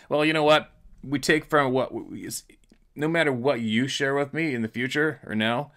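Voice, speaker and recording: A man's voice: medium pitch, normal speed, fairly bright tone. A middle-aged man hosting a podcast, telling a story in a blunt, emphatic, repetitive way. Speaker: podcast host. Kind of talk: casual storytelling monologue.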